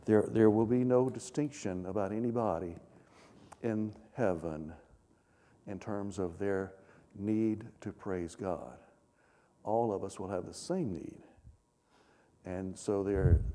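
A man preaches a sermon, reading scripture aloud with swelling emphasis and turning to his listeners with questions. His voice sits low and sounds dark and mellow. It rings with the long reverb of a large hall. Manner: reads scripture aloud with rising emphasis, asks the congregation questions. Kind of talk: sermon, Bible teaching.

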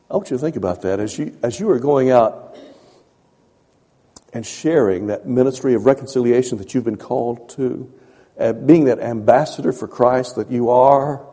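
Preacher man with a dark voice in a reverberant hall. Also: mid-range voice, husky. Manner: conversational, repeats phrases, swings from soft to emphatic. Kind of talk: sermon.

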